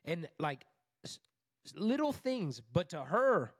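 A man in his thirties tells a story in a relaxed interview, his voice sitting a little high for a man and staying lively as he talks. He talks loosely, throwing in "like" and "bro" as he goes. The recording is dry and close, with almost no room sound. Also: slow pace, no room sound. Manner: animated, conversational, fillers like "like" and "bro". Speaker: divorce recovery coach, podcast guest.

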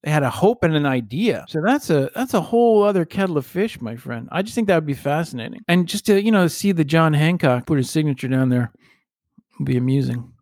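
A man's voice: on the high side, lively intonation, fairly quick, darkish tone, no room sound, clean studio sound. A man in casual conversation as a podcast co-host, musing and rambling with playful banter. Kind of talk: casual chat.

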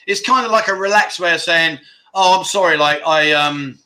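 A man's voice: fairly high pitch, normal speed, bright, forceful tone. A man hosting a casual live stream, reading viewer comments aloud in a jokey, scattered way and laughing at his own slip-ups. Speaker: livestream host.

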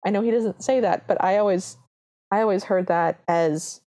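A woman's voice: mid-range voice, moderate pace. A woman co-hosting a podcast, casually recapping a film and acting out its lines as she retells the scenes. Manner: animated retelling, quotes characters in a lightly changed voice. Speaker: podcast co-host.

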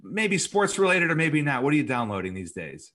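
A man's voice: a little high, big pitch swings, fairly quick, sharp tone. Casual male podcast host. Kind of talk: interview.

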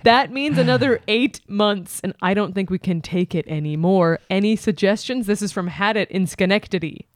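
A woman co-hosting a podcast, chatting in a teasing, playful way and pushing her partner to play along. Her voice sits in a middle pitch, recorded dry with no room sound. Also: moderate pace, hardly any pauses, no echo. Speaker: podcast co-host. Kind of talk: casual comedic chat.

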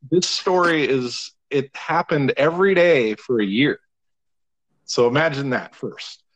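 A man in his thirties telling a long, animated, profane story in casual podcast chat, laughing now and then. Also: mid-range voice, lo-fi sound.

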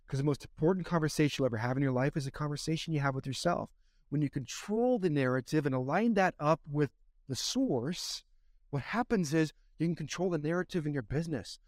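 A man's voice: on the high side, a little mellow, dry recording, studio quality. A man, a former pro athlete, giving a fervent motivational answer in a podcast interview, circling back to the same phrases like a preacher. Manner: impassioned, repetitive, preacher-like delivery. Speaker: podcast guest, former baseball player.

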